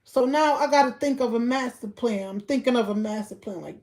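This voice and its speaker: Woman ranting on a livestream, AAVE, kinda high voice, keeps going loud then mumbly. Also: brisk, hardly any pauses. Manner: ranting, keeps asking "you feel me", swings between loud outbursts and low mutters. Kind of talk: casual livestream rant.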